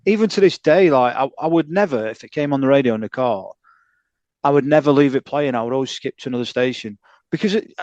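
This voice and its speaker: A man's voice: medium pitch, fast, darkish tone, no room sound. Dry-sounding man, muffled. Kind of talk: casual chat.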